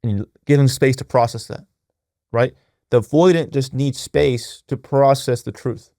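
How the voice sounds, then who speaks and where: A man's voice: steady tone, moderate pace, warm tone, no room sound, clean studio sound. A young adult man hosting a podcast, earnest talk on relationships and spirituality with many restarts and "right?" tags. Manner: acts out quoted voices in a raised pitch. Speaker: podcast host.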